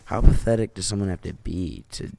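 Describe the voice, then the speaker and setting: A teenage guy with a very low, gravelly voice tells a story from home. He rambles casually, fills his talk with "like" and swears freely. His tone is dark and mellow. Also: a little fast, a little hiss or hum. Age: teens. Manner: rambling, heavy use of "like", swears. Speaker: vlogger.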